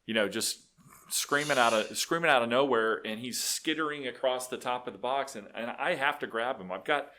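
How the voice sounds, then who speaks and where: A middle-aged man, a guest telling animated work stories with many restarts. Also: medium pitch, normal speed. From Texas. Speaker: guest, business owner. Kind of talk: casual storytelling.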